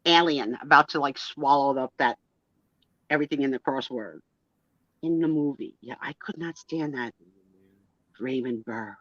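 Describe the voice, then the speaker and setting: A woman's voice: rumbling low, normal speed, long pauses, no room sound. A woman hosting a live online photo sale, chatting playfully and loosely with lots of fillers. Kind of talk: casual chat. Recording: dull lo-fi online stream audio.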